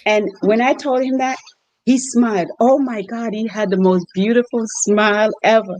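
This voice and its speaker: A woman's voice: on the high side, normal speed, low-quality recording. A woman who hosts exchange students, telling stories in an interview and acting out the quotes. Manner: animated storyteller, acts out quotes. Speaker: host family mom for exchange students. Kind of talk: storytelling interview chat.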